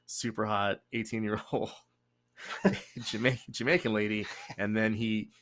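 A young man hosting a casual podcast chat, rambling and joking with quick asides. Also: on the low side, steady tone, a bit bright. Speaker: podcast host.

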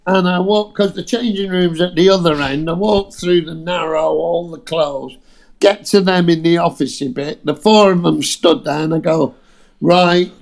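Gravelly British man telling rude stories. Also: on the high side, moderate pace. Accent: British English. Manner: swears freely, lively storyteller. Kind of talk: casual anecdote.

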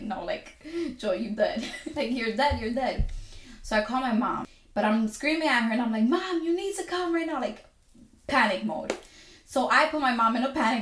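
A young adult woman telling a personal story in an animated way, acting out her own inner dialogue and often laughing. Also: fairly high pitch. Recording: echoey room.

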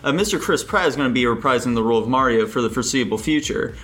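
Dude hosting a chill podcast on a voice call, swears a lot, lively and quick to ask stuff. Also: male voice, medium pitch, slight background noise. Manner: animated, swears freely, poses questions to the group. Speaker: podcast host. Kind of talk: casual chat. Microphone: online voice call.

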